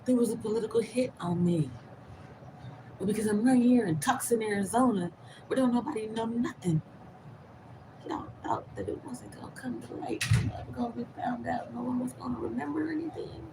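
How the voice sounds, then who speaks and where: A woman talking straight to her viewers in a casual, emphatic vlog monologue, moving between loud, swearing outbursts and hushed, half-whispered asides. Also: on the high side, normal speed, background noise. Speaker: vlogger, host of her own channel.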